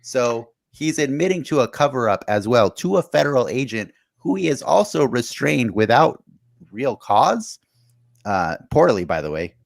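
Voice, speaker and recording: A man's voice: medium pitch, big pitch swings, moderate pace, vocal fry, no room sound. A man hosting a casual podcast recap, pressing his argument with lots of restarts. His voice sits mid-range for a man. The mic is close and dry, with no room around it. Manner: argumentative, talks over others with many restarts. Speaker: podcast host.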